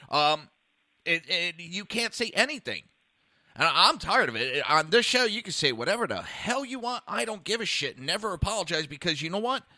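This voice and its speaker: Guy hosting a talk podcast, really bright sharp voice, fired up, stumbles and restarts, dead dry sound. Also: a little high, no echo. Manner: heated, ranting, restarts with stammers. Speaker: podcast host.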